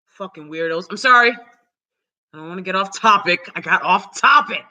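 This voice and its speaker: Loud, fiery woman ranting, bright-toned. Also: fairly low pitch, animated, normal speed, poor audio. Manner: loud, profane, heated. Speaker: channel host. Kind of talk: casual live-stream rant.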